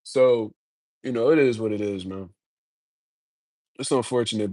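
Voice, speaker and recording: A man's voice: fairly low pitch, a little slow, dark tone, dry recording, studio quality. A man giving casual, profane boxing commentary, blunt and slangy, ranting heatedly straight to his viewers.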